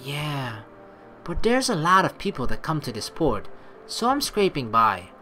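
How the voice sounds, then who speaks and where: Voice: mid-range voice, very animated, measured pace, pushed and bright, a little hiss or hum. Performer voicing a meek orphan boy guide. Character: poor orphan boy, a humble street guide.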